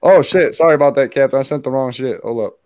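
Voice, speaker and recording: A man co-hosting a casual podcast, slangy and easygoing with a gruff edge. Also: mid-range voice, fast talker, darkish tone. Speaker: podcast co-host.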